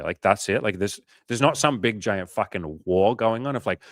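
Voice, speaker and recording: A man's voice: lowish voice, moderate pace, few pauses, no echo, clean studio sound. A man coaching on a casual livestream, swearing freely and acting out his clients' voices as he answers questions from the chat.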